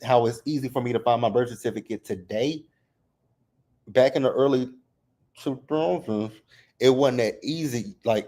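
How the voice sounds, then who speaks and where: A man's voice: mid-range voice, warm tone. A man in his thirties hosting a casual livestream recap, open and emotional as he talks about his family and fights back tears. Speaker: reality TV recap host.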